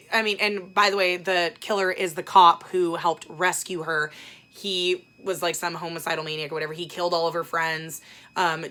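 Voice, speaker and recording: Bright-voiced woman ranting casually. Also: fairly low pitch. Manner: blunt, profane, animated ranting with many fillers. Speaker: book vlogger. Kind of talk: casual ranting book chat.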